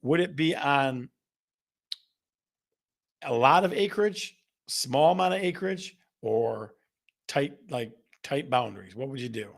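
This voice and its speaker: Middle-aged man with a gravelly voice, hosting a chatty real estate stream and asking viewers questions. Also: mid-range voice, animated, slow, pauses often. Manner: chatty, repeats phrases, asks the audience questions. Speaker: real estate show host. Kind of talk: casual live-stream chat reading viewer comments.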